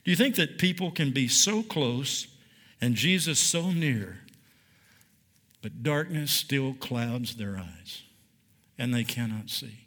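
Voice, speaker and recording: A man's voice: medium pitch, expressive, takes it slowly, long pauses, fairly bright tone. A man teaching a Bible study like a sermon, emphatic, with dramatic repeated phrases and questions to his listeners. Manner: asks the audience questions.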